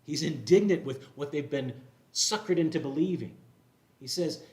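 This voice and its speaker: A man's voice: a little high, normal speed, a little mellow, echoey room. A male pastor preaching a sermon in a church, explaining a passage in a conversational way and asking rhetorical questions. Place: church sanctuary.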